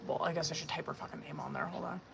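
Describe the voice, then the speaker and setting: A woman's voice: sits low, rapid-fire, creaky, noisy background. A woman giving tarot readings on a live stream in casual, profane, chatty talk that is full of laughs. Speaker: tarot reader.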